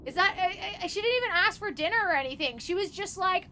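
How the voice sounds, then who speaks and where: A woman streaming a game, chatting casually and excitably, reacting out loud and slipping into soft doting baby talk with her pet. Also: very high voice, quick pace, a little hiss or hum. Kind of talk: casual live-stream chat while gaming.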